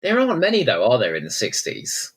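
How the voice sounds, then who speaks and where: Husky, animated man chatting on a podcast. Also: on the low side, quick pace. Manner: chatty, asks tag questions. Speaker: podcast co-host. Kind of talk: casual chat.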